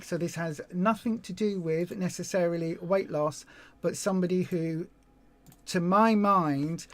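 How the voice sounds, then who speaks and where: A woman's voice: fairly low pitch, no echo. Effusive woman hosting a live stream. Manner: emotional, effusive, repeats herself. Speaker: host of a weight loss support group live stream. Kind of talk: casual live stream chat.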